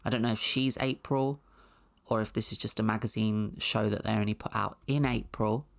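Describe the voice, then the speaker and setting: A woman's voice: extremely low pitch, steady tone, normal speed, creaky. A woman hosting a comedic video essay, commenting with dry, sarcastic asides. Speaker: host.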